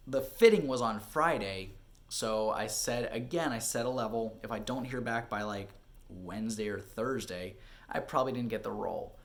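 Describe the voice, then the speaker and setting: A young man, an actor, telling a personal story in a casual vlog, animated and full of fillers, his voice rising when excited and dropping low and quiet when anxious. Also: brisk. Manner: animated, swinging from excited to hushed and back, many fillers. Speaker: vlogger and actor. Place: home, indoors.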